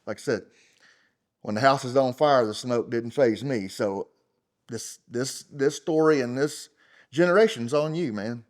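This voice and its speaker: Middle-aged man, mid-range pitch, blunt, profane, rambling fillers, loud heated rants, unfiltered interview guest. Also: unhurried. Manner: rambling, full of fillers like "you know" and "like". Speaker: champion rodeo roper, interview guest. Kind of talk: unfiltered casual interview talk.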